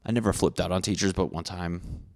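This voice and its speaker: A man's voice: deep voice, fairly even intonation, brisk, a little mellow. A young man hosting a podcast, telling a profane, rambling, self-mocking story in a casual monologue. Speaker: podcast host.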